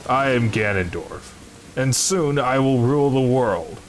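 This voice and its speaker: A man's voice: mid-range voice, lively intonation, unhurried, slight background noise, lightly acted. A man voicing an arrogant, menacing male sorcerer king from a video game, taunting a child.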